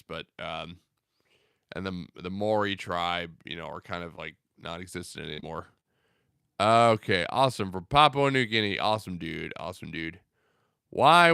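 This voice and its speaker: A man's voice: low voice, pushed and bright, clean tone, no room sound, clean studio sound. A young man hosting a casual livestream, reading out viewer comments in a loose, rambling way with many fillers. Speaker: livestream host.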